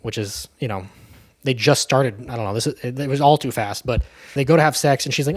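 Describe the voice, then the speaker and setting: A man's voice: medium pitch, a little fast. A young man giving a casual, profane movie recap, with frequent asides of "right?" and "like". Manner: chatty, profane, tags lines with "right?". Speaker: movie reviewer.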